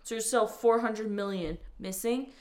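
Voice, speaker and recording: A woman's voice: fairly high pitch, measured pace, a little mellow. Chatty woman explaining a theory with "um"s. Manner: explaining with many "um"s and "like"s. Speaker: podcast co-host. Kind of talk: casual podcast chat.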